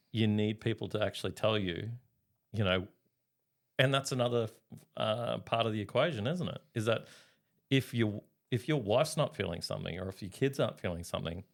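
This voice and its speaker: A man's voice: on the low side, vocal fry. A man co-hosting a podcast, talking earnestly and reflectively in casual chat. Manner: earnest, reflective, laughs easily. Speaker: podcast co-host.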